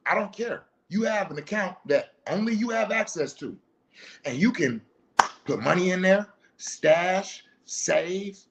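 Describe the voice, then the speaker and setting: A middle-aged man hosting a talk show, giving a blunt, profane, preachy monologue and telling stories from home. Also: sits high. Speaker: podcast host. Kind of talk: casual monologue, commentary.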